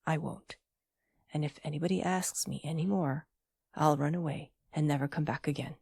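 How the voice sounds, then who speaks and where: A woman playing a solemn little boy who talks gravely like an adult, low, husky and breathy, with creak, in a storybook reading. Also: fairly even intonation, normal speed, warm tone, no echo, clean studio sound, full character voice. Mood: defiant.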